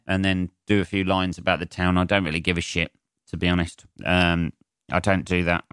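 A man's voice: low-pitched, steady tone, moderate pace, a bit bright, clean tone, no room sound, studio quality. A man with a stuffy, bunged-up nose, a comedian rambling through a solo podcast in a sweary, sardonic, self-mocking way. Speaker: stand-up comedian hosting a podcast.

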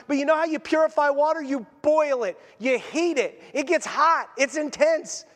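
A middle-aged male pastor preaches with a strikingly high voice, jumping into the voices of the people he quotes. His words ring out with the long reverb of a big church hall. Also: normal speed, few pauses. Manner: animated, acts out quotes, restarts often. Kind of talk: sermon.

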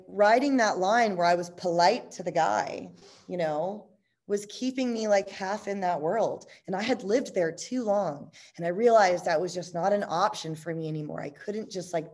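A woman candidly telling a personal story in a blunt, profane, animated way, full of "like" and "you know," and quick to laugh. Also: medium pitch.

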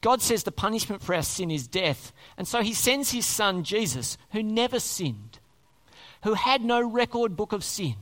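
Emphatic preacher with a lively, swinging voice. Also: medium pitch, normal speed. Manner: emphatic, repeats key words and asks rhetorical questions. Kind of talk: sermon.

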